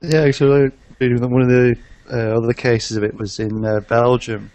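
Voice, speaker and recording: A man's voice: mid-range voice, level tone, measured pace, darkish tone, dry recording. A man co-hosting a casual podcast, talking with frequent hesitations. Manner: hesitant, many ums and uhs. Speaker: podcast co-host. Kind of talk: casual chat.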